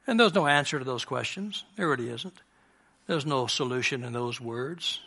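A man preaching a sermon as a pastor, earnest, moving between emphatic lines and hushed ones. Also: medium pitch, expressive, moderate pace, creaky, slightly rough.

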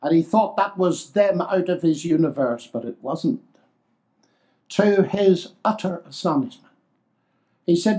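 An older man preaching a sermon, expressive and exclamatory, swinging between loud declarations and hushed asides. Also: on the high side, a little slow, pauses often.

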